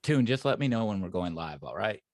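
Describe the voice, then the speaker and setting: A man's voice: lowish voice, big pitch swings, fairly quick, darkish tone, no room sound. Joking, rambling man, very dry sound. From rural Texas. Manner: jokey, rambling, self-deprecating. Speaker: stream guest. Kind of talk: casual livestream chat.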